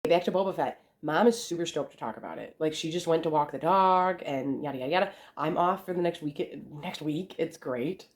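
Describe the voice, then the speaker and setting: A woman's voice: deep voice, a little fast, hardly any pauses. Chatty swearing woman vlogging at home. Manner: chatty, rambling, swears freely. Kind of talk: casual chat to camera. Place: family room at home.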